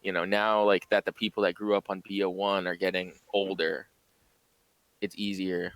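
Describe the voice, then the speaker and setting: Gravelly low-voiced young man. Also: level tone, normal speed, fairly bright tone, dry recording, low-quality recording. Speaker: podcast guest, streamer. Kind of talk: casual podcast chat.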